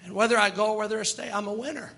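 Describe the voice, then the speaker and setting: A man's voice: sits high, steady tone, racing, creaky, pushed and bright. A middle-aged man, preaching a sermon in an emphatic, rising and falling cadence.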